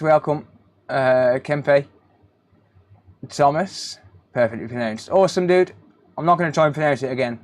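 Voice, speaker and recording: Slow-talking man greeting stream chat. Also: medium pitch. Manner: relaxed, greets chat viewers by name, calls them mate. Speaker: live stream host, repair technician. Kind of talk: casual live stream chat.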